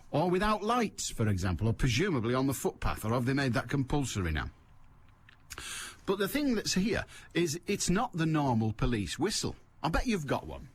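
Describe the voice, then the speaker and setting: A middle-aged male radio host talks in a wry, teasing way, laughing at his own jokes. His pitch swoops up and down, and a faint hum sits under the studio sound. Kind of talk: chatty radio monologue.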